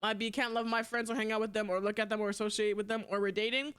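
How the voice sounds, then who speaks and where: A young woman streaming live, chatting casually and bluntly, swearing a lot and swinging between loud outbursts and quieter asides. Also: medium pitch, steady tone, quick pace, smooth. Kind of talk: casual livestream chat.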